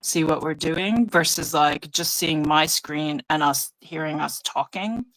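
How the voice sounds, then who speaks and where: A woman hosting a casual live craft session over a video call, chatty and relaxed, laughing often. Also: low-pitched, unhurried, dry recording, low-quality recording. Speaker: craft channel host. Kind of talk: casual live-stream chat while journaling. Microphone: phone or tablet mic over a video call.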